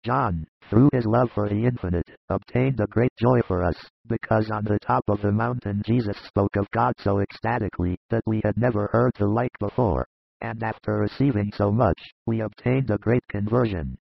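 A man reading a gravelly fatherly old disciple. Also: on the low side, normal speed, dry recording, dull audio, full character voice. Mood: earnest. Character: older male disciple, fatherly and earnest. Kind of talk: audiobook dramatized reading.

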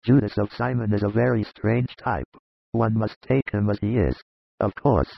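A man's voice: on the low side, moderate pace, gravelly, husky, dry recording, lo-fi sound, exaggerated voice. A man voicing an older male disciple who speaks in an earnest, fatherly way, in a dramatized audiobook reading.

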